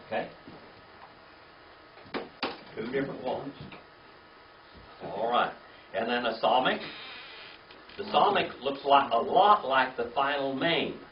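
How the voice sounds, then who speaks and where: A man's voice: mid-range voice, lively intonation, slow, pauses often, recorded from a distance, background noise. A man teaching a Bible class to a live group, patient and methodical, forever checking that his listeners follow. His voice is picked up from well back in an echoing room, and the recording is dull and lo-fi. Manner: patient, checks in with "okay?" and "all right?". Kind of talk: classroom lecture. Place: church classroom with a live audience.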